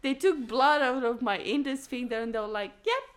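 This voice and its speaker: A woman from Romania in her thirties, telling a childhood story in casual chat, animated and laughing as she acts out the people in it. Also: a little high, fairly quick.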